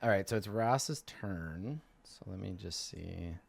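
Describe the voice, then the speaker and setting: A man's voice: low-pitched, lively intonation, slow, creaky, slight background noise. A man running a tabletop game as game master, who often hedges his rulings and laughs. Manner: hedging, laughs often, rules talk.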